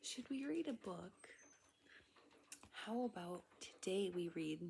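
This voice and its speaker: Slow, hushed woman reading to kids. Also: mid-range voice, animated, creaky, slight background noise. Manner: often hushed and whispery, with frequent gasps of wonder; points out things on the page, asking questions. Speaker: children's storybook reader. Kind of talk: reading a picture book aloud to young children.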